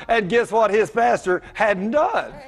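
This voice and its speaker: Male pastor, middle-aged, sermon, storytelling, self-mocking, loud emphatic bursts. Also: high-pitched, vocal fry.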